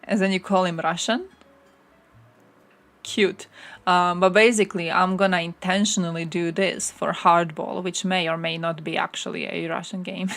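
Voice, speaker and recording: A woman's voice: lowish voice, fairly even intonation, moderate pace, fairly bright tone. A young woman from Croatia chatting on a live stream, sarcastic and swearing freely as she reads things out from her screen. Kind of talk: casual live-stream chat.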